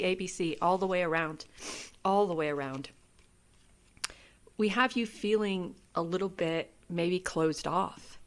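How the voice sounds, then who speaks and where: A woman in her fifties giving a casual, spiritual tarot reading, gentle and easily moved to emotion. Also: medium pitch. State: welling up with tears. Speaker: tarot reader.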